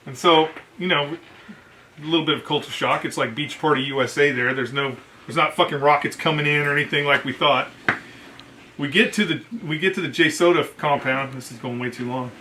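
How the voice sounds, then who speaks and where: A man's voice: fairly high pitch, brisk, pushed and bright, a little hiss or hum. A man, a Marine veteran, telling a casual war story in a salty, profane, self-interrupting way.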